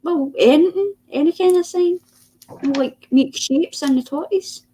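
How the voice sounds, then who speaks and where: A woman's voice: high voice, a little slow, warm tone. A woman hosting a craft livestream, chatty and teasing, laughing a lot. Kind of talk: casual chat on a craft stream.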